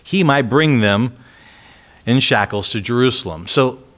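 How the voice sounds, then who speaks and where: Male pastor, mid-pitched, preaching conversationally, rhetorical questions, scripture read with emphasis. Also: expressive, a little slow, a bit bright. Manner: reads scripture aloud with added emphasis. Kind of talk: sermon.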